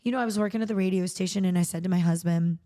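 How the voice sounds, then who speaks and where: Woman, podcast host, lowish voice, animated storytelling, does voices for quotes. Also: rapid-fire. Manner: animated, acts out quoted dialogue. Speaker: charity founder and podcast host. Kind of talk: personal storytelling in conversation.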